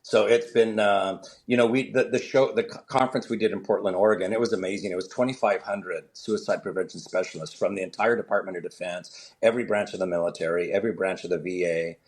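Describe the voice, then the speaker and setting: A man's voice: low voice, fast talker, hardly any pauses. A man who is a comedian, a guest on an interview show, telling stories with energy and acting out the voices of the people in them. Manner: animated, acts out the voices of people in his stories. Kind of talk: storytelling in an interview.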